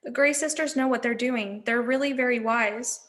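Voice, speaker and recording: A woman's voice: on the high side, normal speed, a bit bright, roomy sound, lightly acted. A woman voicing a clever, matter-of-fact teenage girl in a storybook reading.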